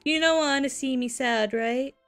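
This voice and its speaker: A woman's voice: sits high, normal speed, gravelly, faint music behind. A woman streaming as a VTuber, chatting casually and giggling, with playful whiny complaints. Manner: giggly, rambling, playful whining. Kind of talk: casual live-stream chat.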